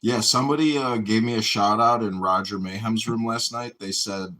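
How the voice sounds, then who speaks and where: Low-voiced American man telling stories. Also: fairly even intonation, normal speed, sharp tone, low-quality recording. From United States. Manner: storytelling, loose and meandering, quoting others. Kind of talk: casual chat.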